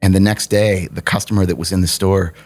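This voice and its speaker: A man with a somewhat low voice tells a story with a laugh breaking through. He is a young adult chatting casually on a podcast. His talk is loose, profane and full of amusement. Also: level tone, fairly quick, a little mellow. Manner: profane, laughing anecdote telling. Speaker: podcast guest.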